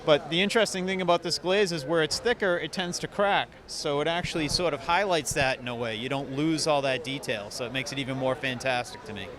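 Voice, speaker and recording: A man from North Carolina, a potter explaining his glaze work in a calm, explanatory way with a few fillers. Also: fairly high pitch, fairly quick, few pauses, a crowd in the background. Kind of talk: explaining his craft in an interview. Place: outdoor festival booth.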